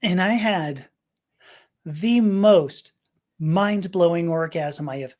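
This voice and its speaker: A woman's voice: on the low side, slow pace, a little mellow. A woman guest on a podcast, telling a personal story candidly, often stammering, laughing and restarting her sentences.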